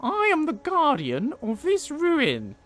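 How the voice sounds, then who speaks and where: A man voicing a huge, menacing male frost mummy guardian who announces himself slowly and loudly. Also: very high voice, huge pitch swings, pitched above the performer's own voice, full character voice.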